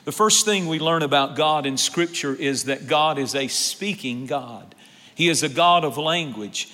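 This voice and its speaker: A man's voice: fairly high pitch, pushed and bright, long reverb tail. A man preaching a sermon as pastor, emphatic, repeating phrases and calling on the congregation for an amen.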